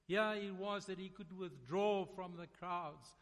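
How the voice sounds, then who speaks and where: A man preaching a sermon, dramatic, swinging between loud emphasis and hushed, quiet lines. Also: high-pitched, measured pace. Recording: long reverb of a large hall.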